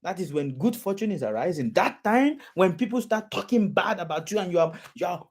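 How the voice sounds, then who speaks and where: Preacher giving a sermon, keeps repeating himself and throwing questions at the crowd, mid pitch. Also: animated, fairly quick, hardly any pauses, darkish tone, slightly rough. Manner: repetitive, questioning the audience.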